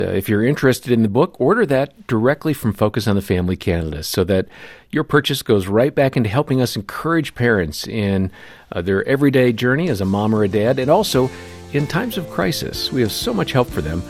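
A man co-hosting a radio program, reading a smooth, scripted closing announcement. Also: on the low side, a little mellow. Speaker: radio co-host.

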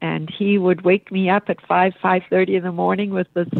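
An older widow speaking in an interview, reflective and halting as she remembers her husband. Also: fairly low pitch, little pitch movement, gravelly, no echo. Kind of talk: emotional interview. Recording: dry phone-like line.

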